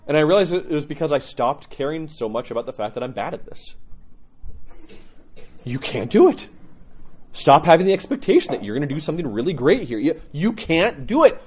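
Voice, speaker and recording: A man preaching a conversational sermon as an Orthodox priest, telling stories and acting out quoted lines with animated swings. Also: dull audio. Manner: animated storytelling, acts out quotes with rising pitch.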